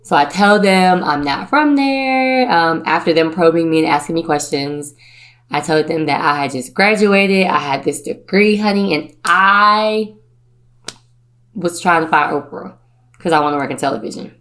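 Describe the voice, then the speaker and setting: A podcast host from Virginia, a woman with a voice on the lower side, tells a personal story in a relaxed, chatty manner. She is playful and conversational, and she slips into the voices of her relatives as she talks. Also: normal speed. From Virginia, USA.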